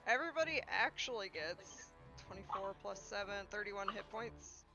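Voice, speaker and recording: Animated player voice with a wide pitch swing, casual game talk, music clearly underneath. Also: normal speed, dull audio. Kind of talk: casual tabletop game play.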